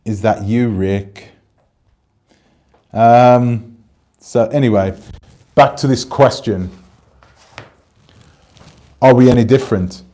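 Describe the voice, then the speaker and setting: A man's voice: mid-range voice, slow, long pauses, warm tone. A man hosting his channel, chatting casually and rambling as he talks to viewers and reads out their comments. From Britain. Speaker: channel host.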